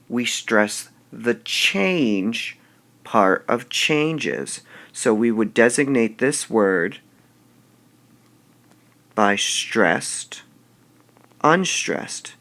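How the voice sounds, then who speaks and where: A male teacher giving a recorded video lesson, explaining slowly and deliberately and drawing out example words. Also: medium pitch, vocal fry, fairly bright tone.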